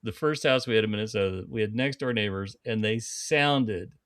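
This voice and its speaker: A man's voice: lowish voice, moderate pace, no room sound. Dry-voiced man telling stories. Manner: animated storyteller, playful. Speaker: podcast co-host. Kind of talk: casual chat and joke telling.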